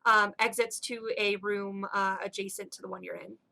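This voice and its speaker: Bright-voiced woman game master. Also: mid-range voice, little pitch movement, moderate pace, creaky. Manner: hesitant, many fillers. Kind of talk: narrating a tabletop game.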